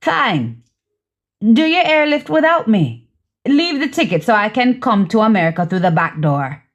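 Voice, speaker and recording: A woman's voice: on the high side, sing-song, normal speed, lo-fi sound. Woman voicing a fiery woman. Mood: bitter. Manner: cursing, biting, sarcastic. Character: fiery young Jamaican woman, hurt and sharp-tongued.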